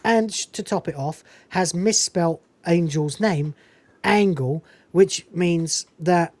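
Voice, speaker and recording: Speaking slowly in a lowish, darkish-toned voice, a woman podcaster gives an enthusiastic, casual take on a film. She swears freely and laughs often, and the recording is dry.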